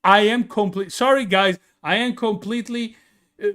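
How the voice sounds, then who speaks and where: A man calling a video game wrestling match with excitable, yelling play-by-play and slips in English grammar. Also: sits high, moderate pace, clean tone. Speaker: commentator and wrestler persona.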